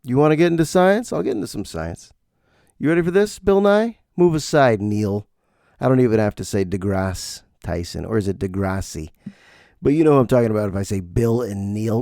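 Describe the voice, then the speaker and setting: A middle-aged man hosts his podcast in a rambling, self-deprecating comic monologue. His voice swings widely in pitch and has a gravelly texture. The sound is dry and close to the mic. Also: big pitch swings, normal speed, a little mellow, dry recording. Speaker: podcast host. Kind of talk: comedic solo monologue.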